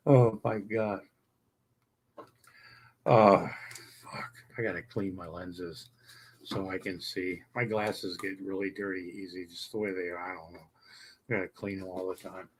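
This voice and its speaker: A man's voice: sits low, steady tone, takes it slowly, pauses often, husky. A man hosting a casual livestream from his apartment, rambling and exclamatory, swearing freely. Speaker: livestream host. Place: old apartment indoors.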